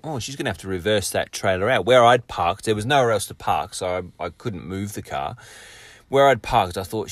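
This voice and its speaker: A man's voice: lowish voice, a bit bright, no room sound. A man, co-hosting a casual chat and telling stories with swearing and frequent laughs. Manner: swearing, storytelling, laughs often.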